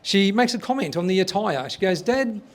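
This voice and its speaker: A man's voice: high voice, expressive, a little fast. A man hosting a live comedy show, upbeat and thankful as he introduces segments. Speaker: host. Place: club venue with live audience.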